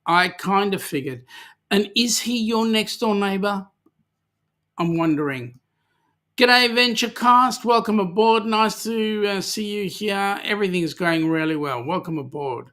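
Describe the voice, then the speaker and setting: An Australian-accented man hosts a casual livestream in an unhurried, somewhat bright voice that sits high. He reads viewer comments aloud with plenty of hesitant ums and playful teasing.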